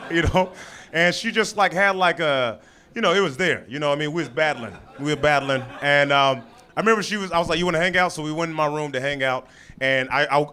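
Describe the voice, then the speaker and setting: A man riffs through improvised stand-up into a handheld mic on a club stage. His voice sits a little high and has a very bright, forceful edge. He rambles, restarts and laughs through his own story. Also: a little hiss or hum. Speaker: stand-up comedian. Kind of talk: improvised stand-up from audience suggestions.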